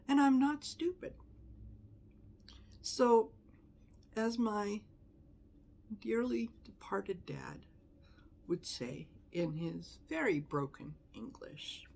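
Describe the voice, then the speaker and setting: A woman's voice: mid-range voice, darkish tone, breathy edge. A woman tarot reader giving casual, conversational commentary, with exasperated asides and frequent laughter.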